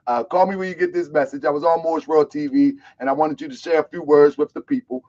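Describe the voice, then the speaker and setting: A man from Baltimore hosting a live online show, talking loud, boisterous and streetwise, calling people out. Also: a little high, fairly even intonation, quick pace, lo-fi sound. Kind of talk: casual live-stream talk.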